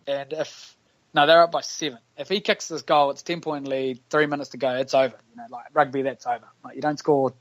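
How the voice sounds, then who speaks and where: A man's voice: medium pitch, fairly even intonation, brisk, a bit bright, lo-fi sound. A man with a New Zealand accent, a podcast guest telling stories in casual, slangy chat and laughing often. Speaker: guest, professional rugby player.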